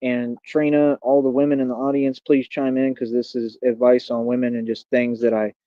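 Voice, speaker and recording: A man's voice: medium pitch, little pitch movement, moderate pace, no echo. A man hosting a livestream, ranting and taunting his chat, often calling people "bro". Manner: combative, taunting, repeats "bro". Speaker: livestream host. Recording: dull lo-fi stream audio.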